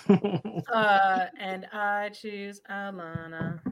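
Female player, mid pitch, unhurried offhand delivery. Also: fairly even intonation. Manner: offhand, trailing off. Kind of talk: casual chat.

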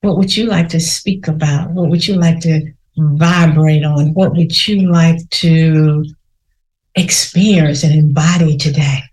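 A woman's voice: sits low, steady tone, darkish tone. A woman hosting a podcast, leading a guided meditation in a soothing way and repeating affirmations. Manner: slow, soothing, repeats phrases. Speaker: podcast host.

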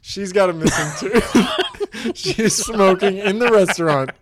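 A man's voice: high voice, a little slow, crowd noise. Giggly man riffing a crude comedy bit. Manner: laughs often, builds a crude running bit. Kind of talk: improvised comedy chat.

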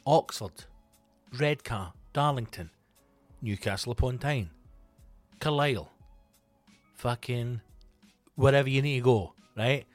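A middle-aged Scottish man and comedy podcast host, ranting in a loose, sweary, animated monologue. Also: medium pitch, slow pace, long pauses, no room sound, soft background music. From Scotland.

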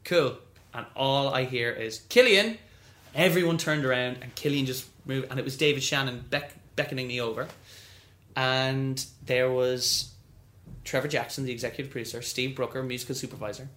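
A man telling stories as an interview guest, animated, often acting out what others said. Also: medium pitch, brisk, roomy sound. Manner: animated, acts out quoted voices. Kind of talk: storytelling interview.

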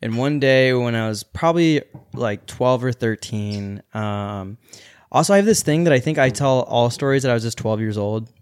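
A young man spinning a rambling story on a podcast, voice close and dry with no room around it. He talks in loose, casual chat, laughing as he goes, at a middle pitch. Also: lively intonation, moderate pace, clear, resonant tone, no room sound. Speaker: podcast co-host.

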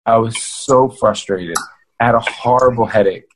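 Animated male guest author, mid-pitch, chatty storytelling, talks right to the listeners. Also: normal speed, background noise. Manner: animated, addresses listeners as "y'all". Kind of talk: casual storytelling to an audience.

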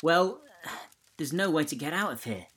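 A man's voice: on the high side, animated, normal speed, a bit bright, breathy edge, pitched above the performer's own voice. A man voicing Jordan, a nervous young man who leads his friends into a haunted house and stutters when frightened, in a ghost story reading. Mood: urgent.

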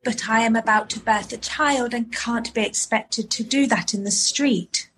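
Nervous young amateur actress, played by a woman, slightly high voice. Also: normal speed, fairly bright tone, natural voice.

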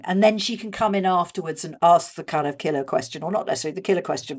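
A woman speaking as an interview guest, chatty and animated, with many fillers and restarts. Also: sits low. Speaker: guest discussing a radio show's history. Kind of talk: conversational interview.

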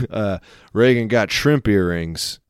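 A man with a lowish, clean-toned voice takes his time while co-hosting a podcast, chatting casually and spinning jokey, animated stories. The sound is dry and studio-clean.

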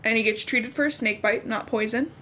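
A woman's voice: a little high, brisk, a bit bright, slight background noise. Chatty young woman recapping a book. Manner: chatty, acts out dialogue in quotes. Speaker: podcast co-host. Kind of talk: casual chat recapping a novel.

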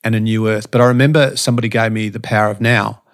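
A podcast guest who speaks on fitness and behaviour, this middle-aged man has a low-leaning voice with a steady tone and a quick pace. In a casual interview he relates his life frankly and profanely, with frequent restarts and fillers.

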